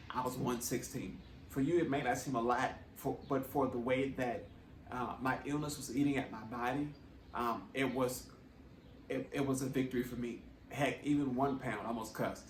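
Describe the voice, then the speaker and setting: A man's voice: medium pitch, far from the mic, a little hiss or hum. Earnest man telling his story, roomy echo. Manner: earnest, conversational, tags with "right?". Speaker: vlogger. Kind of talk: personal testimony storytelling.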